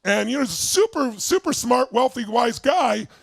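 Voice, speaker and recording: A middle-aged man telling a story to an audience, acting out his partners' voices and shouting when he quotes anger. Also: extremely high pitch, moderate pace, no room sound. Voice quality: gravelly, husky voice. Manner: animated, shouting while acting out angry quotes. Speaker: motivational speaker.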